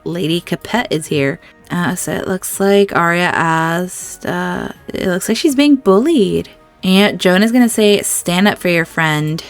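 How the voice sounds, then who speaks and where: A woman hosting a let's-play, chatting through the game and reacting emotionally to what happens on screen. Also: lowish voice. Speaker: gaming channel host.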